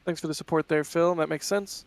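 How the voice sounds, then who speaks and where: A man co-hosts a live stream and reads out viewer messages. He talks quickly and conversationally, with a slightly higher voice. The sound is dry and close. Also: steady tone, no echo. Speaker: co-host reading viewer messages.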